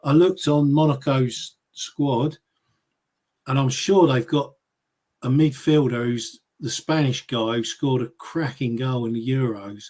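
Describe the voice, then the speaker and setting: A man's voice: mid-range voice, unhurried, darkish tone. A man calling in to a fan chat, talking in a sarcastic, mocking, blokey way. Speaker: caller. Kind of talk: casual fan call-in chat.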